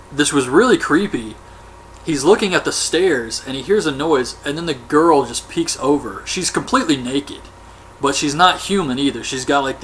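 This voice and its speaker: A man's voice: medium pitch, fairly bright tone, slight background noise. A man recapping a horror film in a casual, offhand way, as a movie reviewer. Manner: chatty, offhand, colloquial.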